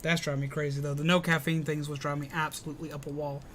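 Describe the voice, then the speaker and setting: A man's voice: on the high side, flat delivery, racing, noisy background. A man in casual live-stream chat, answering viewer comments while recovering from illness. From Alabama, US.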